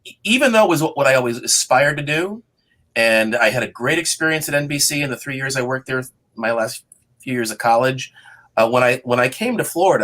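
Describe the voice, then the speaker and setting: Husky-voiced man telling stories. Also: medium pitch. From Boston area. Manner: animated storyteller, acts out his own past thoughts. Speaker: TV journalist guest. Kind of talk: storytelling in interview.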